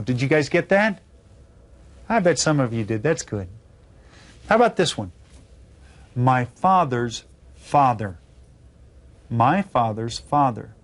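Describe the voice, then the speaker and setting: A man teaching a video Spanish lesson to children, patiently spelling words out letter by letter. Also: on the high side.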